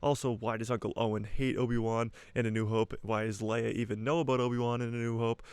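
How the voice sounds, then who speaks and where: A young man hosting his own channel, giving casual, jokey fan commentary in an excitable way. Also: mid-range voice, clear, resonant tone, no echo. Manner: excitable, jokey, speeds up and slows down. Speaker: YouTuber host.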